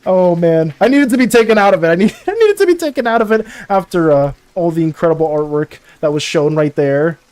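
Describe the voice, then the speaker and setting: A young man in his twenties chatting casually on his art stream, excitable and ranting, tripping over restarts and breaking into laughs. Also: high voice, fairly quick, few pauses, smooth. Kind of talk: casual live-stream chat.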